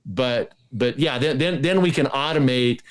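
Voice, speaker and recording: A man's voice: mid-range voice, normal speed, smooth. A man as a guest in an interview, talking casually and eagerly, often restarting and repeating words. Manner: enthusiastic, many restarts and repetitions.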